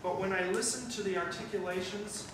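A man with a high voice leads a band rehearsal, coaching and encouraging the players and sometimes singing out note syllables. He is picked up from far off in a very echoey school rehearsal room with clear background noise. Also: a little fast. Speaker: guest band conductor. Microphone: distant room mic.

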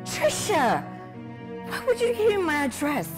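A woman's voice: sits high, wildly swooping pitch, a little slow, over music, heavily acted. An actress with a Nigerian accent playing a guarded young woman, nervous and defensive about love, in a film drama. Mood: anxious. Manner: anxious, defensive.

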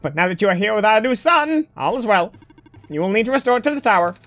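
A woman voicing a formal robot who speaks grandly and solemnly while explaining a dark world. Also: medium pitch, lively intonation, quick pace, faint music behind, natural voice. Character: eager, formal robot who greets a savior.

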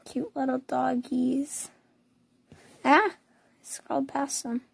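Hoarse teen girl, high pitched, slow drawl, cooing over cute pics, dry close sound. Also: fairly even intonation, no echo. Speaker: vlogger. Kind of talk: casual screen tour.

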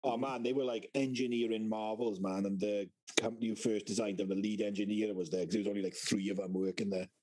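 Husky, sweary British man telling stories. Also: on the low side, little pitch movement, fast, hardly any pauses, mellow, low-quality recording. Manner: swears a lot, rambling anecdotes. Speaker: podcast co-host. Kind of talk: casual chat, storytelling.

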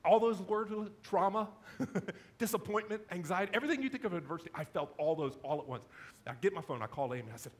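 A middle-aged pastor preaching with a slightly high voice. He tells stories against himself in a lively, animated way, keeping the sermon conversational. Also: fast talker. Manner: animated, self-deprecating storyteller. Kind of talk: storytelling sermon.

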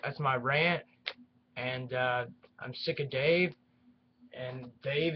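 A man's voice: medium pitch, fairly even intonation, slow, pauses often, lo-fi sound, a little hiss or hum. Aggrieved young man ranting on camera. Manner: aggrieved, repetitive complaining with many restarts. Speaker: YouTube reviewer. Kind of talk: ranting vlog. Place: at home near his action figure collection.

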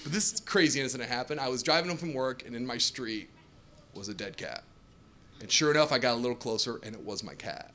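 A man in his forties doing a stand-up comedy set on a club stage, acting out dialogue in animated storytelling, with an audience laughing behind him. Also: medium pitch, fairly quick, a little hiss or hum. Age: 40s. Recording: live club audio with crowd laughing.

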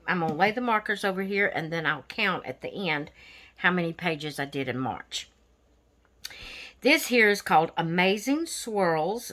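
A woman talks casually to her viewers about her finished coloring pages. She rambles a little, with plenty of fillers. Her voice sits a bit low, and she speaks at an unhurried pace. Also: fairly bright tone. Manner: rambling and chatty, with many fillers. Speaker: coloring channel host. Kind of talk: casual show-and-tell vlog.

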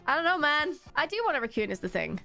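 A young woman streamer doing casual reaction commentary, excitable, laughing often and swearing freely. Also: sits high, fast, vocal fry, faint music behind.

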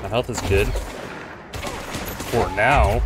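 A man's voice: mid-range voice, animated, normal speed, long pauses, background noise. A man giving casual let's-play commentary, goofy, taunting enemies and slipping into silly voices. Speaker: streamer. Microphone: USB condenser mic. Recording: voice over game music. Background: game music.

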